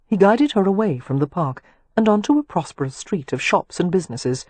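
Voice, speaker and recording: A woman reading a romance novel aloud in measured, even scripted narration. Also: lowish voice, no echo. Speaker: audiobook narrator.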